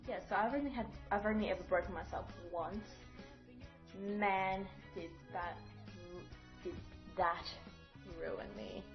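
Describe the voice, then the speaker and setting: A woman's voice: mid-range voice, unhurried. A young woman, telling a story to her viewers in a chatty, rambling way, acting out what people said. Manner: chatty, rambling with fillers and acted-out quotes. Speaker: vlogger. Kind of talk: casual storytelling to camera. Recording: dull lo-fi audio with faint music.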